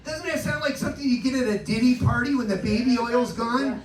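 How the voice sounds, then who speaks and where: Captured from a distance in a noisy, roomy live club, this male stand-up comedian speaks at an extremely high pitch, briskly and with few pauses. His set on the cabaret stage is crude and self-deprecating, and he works the crowd throughout.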